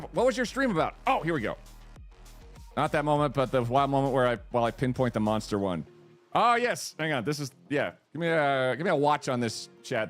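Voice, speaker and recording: Excitable streamer man with lively pitch. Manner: rambling, excitable, thanks viewers. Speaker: streamer host. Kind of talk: casual live-stream chat.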